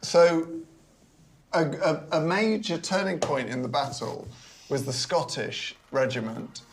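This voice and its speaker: A man comedian retelling history in a dry, deadpan narrating manner. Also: on the high side, slow, background noise. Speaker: comedian storyteller.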